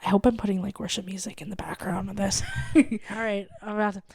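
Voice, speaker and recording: A woman's voice: medium pitch, fairly even intonation, fast, gravelly, a little mellow, husky, no echo. A young woman co-hosting a comedy podcast, chatting casually and animatedly with plenty of filler words. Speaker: podcast co-host. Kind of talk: casual chat.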